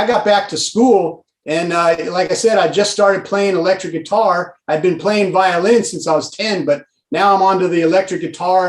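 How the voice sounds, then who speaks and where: A man in his sixties from Pasadena, a guest telling stories in a rambling, animated way with lots of fillers. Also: high-pitched, echoey room. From Pasadena, California. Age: 60s. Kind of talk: casual storytelling.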